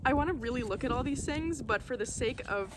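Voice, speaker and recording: A woman vlogger unboxing tarot decks outdoors, gasping and halting, overwhelmed with delight. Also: high voice, expressive, very noisy. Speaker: vlogger opening tarot mail. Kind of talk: casual unboxing chat. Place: outdoors at a table on a windy day.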